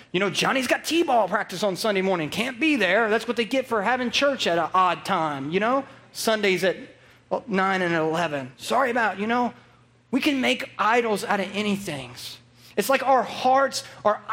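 A man in his thirties preaching a sermon as a pastor, telling stories animatedly and then dropping to a hushed, earnest tone. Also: extremely high pitch. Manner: animated storytelling, shifting from excited to hushed and earnest.

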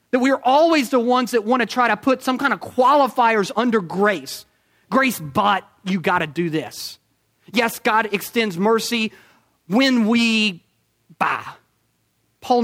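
A male preacher with a notably high-pitched voice delivers a sermon. He is emphatic, stacks rhetorical questions and slows down to drive home his points. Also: fairly bright tone.

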